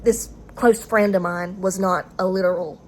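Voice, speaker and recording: A woman with a Southern US accent rambles to her own camera in a loose, hesitant monologue that keeps stalling and starting over. Her pitch sits in the middle of the range. A faint noise hums behind her. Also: steady tone. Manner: hesitant, halting, full of fillers and restarts. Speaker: vlogger speaking to camera. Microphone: camera recording herself.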